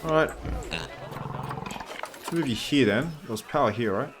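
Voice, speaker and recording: Male gaming host, casual think-aloud commentary, average pitch, noisy game-audio bed. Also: normal speed. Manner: chatty, thinks aloud, wry asides.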